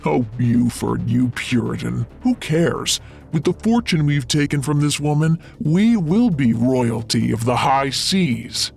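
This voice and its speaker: Gravelly, deep-set mad pirate captain played by a man, sneering and slow. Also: animated, faint music behind. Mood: gloating. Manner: sneering, mocking. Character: cackling mad male pirate captain, cruel. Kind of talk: audio drama acting.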